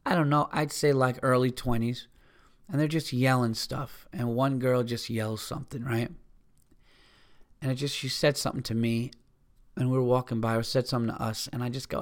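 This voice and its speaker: A man's voice: mid-range voice, steady tone, brisk. A man hosting a podcast, telling a profane, heated, rambling story in casual chat. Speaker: podcast host.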